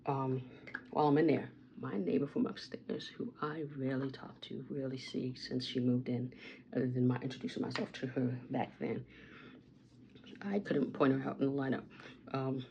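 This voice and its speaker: A woman talks casually through a long, rambling story, breaking off now and then to comment on her makeup. Her voice has a gravelly creak. The recording sounds a little dull and lo-fi, with faint noise underneath. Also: rumbling low, steady tone, moderate pace, dark tone. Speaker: vlogger. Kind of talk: casual get-ready-with-me storytime. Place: at home.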